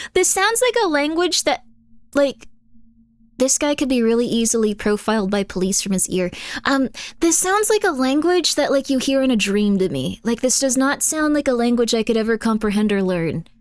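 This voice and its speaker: With a fairly high, animated voice and a brisk pace, this female streamer talks to viewers on a recording without echo. Her casual chat responds to messages and videos, meandering through fillers and frequent laughter.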